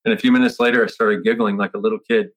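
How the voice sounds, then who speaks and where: A man's voice: fairly low pitch, fairly even intonation, racing, rough recording. A middle-aged man telling a personal story in conversation, acting out his past self with exclamations and restarting his sentences often. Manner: frequent restarts and filler words. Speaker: interview guest.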